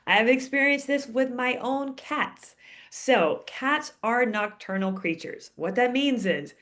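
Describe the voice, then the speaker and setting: A woman's voice: fairly high pitch, lively intonation, a little slow, fairly bright tone. A woman veterinarian answering viewer questions in a chatty, casual way, often ending sentences with "okay?". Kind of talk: casual advice Q&A.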